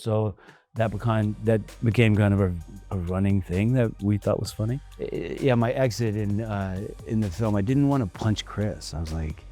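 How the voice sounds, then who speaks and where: A male actor telling lively anecdotes in a casual interview, acting out what others said and swearing now and then. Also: fairly low pitch, moderate pace, soft background music. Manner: animated, acts out quotes of others, casual swearing.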